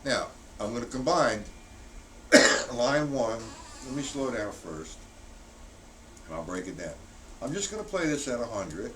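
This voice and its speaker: A man teaching a drum lesson on a live stream, counting beats out loud and punching the accented ones. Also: medium pitch, sing-song, unhurried, long pauses. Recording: distant mic, loud background noise.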